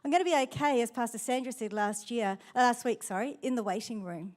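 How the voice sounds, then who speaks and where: A woman's voice: on the high side, fast, a little mellow. Chatty New Zealand woman pastor preaching. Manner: chatty, personal storytelling. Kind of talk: sermon.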